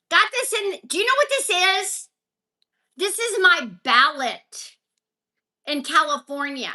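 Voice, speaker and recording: A woman's voice: very high-pitched, takes it slowly, pauses often, pushed and bright. A woman from Texas, hosting a casual live stream from home on her phone, ranting and chatting back to viewers by name. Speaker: livestream host. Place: home, at a counter. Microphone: phone held vertically.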